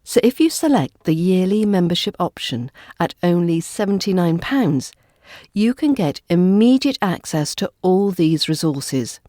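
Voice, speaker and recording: A woman's voice: fairly low pitch, lively intonation, a little slow, dark tone, dry recording, studio quality. A woman with an RP British accent, a podcast host giving a scripted accent lesson with careful, precise enunciation. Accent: RP British English.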